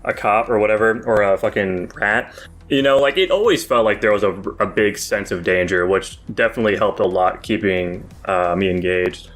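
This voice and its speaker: A man's voice: on the low side, normal speed, a bit bright. A man co-hosting a casual movie review podcast, rambling with lots of filler words and swearing. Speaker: podcast co-host.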